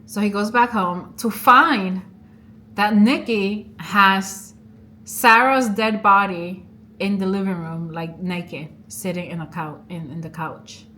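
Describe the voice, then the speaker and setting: A young woman vlogger casually retelling and reviewing a movie, chatty and animated, acting out quoted lines. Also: mid-range voice, slow pace, a little hiss or hum.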